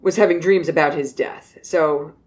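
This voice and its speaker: A woman with a low-pitched voice, hosting casual chat. She retells myths in a jokey storyteller manner, slipping into silly voices for the characters. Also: normal speed, darkish tone. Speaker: podcast host retelling myths.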